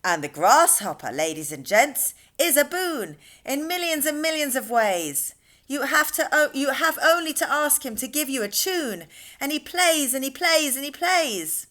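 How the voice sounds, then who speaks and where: A woman's voice: sits high, big pitch swings, unhurried, a bit bright, voice pushed up, exaggerated voice. A woman voicing a cheerful small boy in a storybook reading, bubbly and sing-song as he recites verse.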